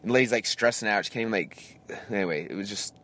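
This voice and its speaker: Fast-talking animated male podcast host. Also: on the low side. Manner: animated, acts out voices in anecdotes. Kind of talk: casual storytelling monologue.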